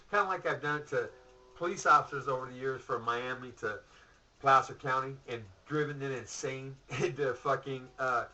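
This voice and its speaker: Profane ranting man, bright tense voice. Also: mid-range voice, muffled recording. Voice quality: rambling, profane, storytelling with laughs and asides. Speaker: vlogger.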